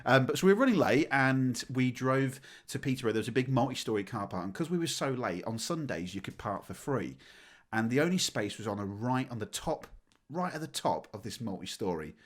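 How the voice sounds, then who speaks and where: A man, co-hosting a podcast, telling a story in casual chat with laughter and acted-out shouting. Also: medium pitch, a little fast. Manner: animated, laughs while telling, acts out shouting. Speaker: podcast co-host.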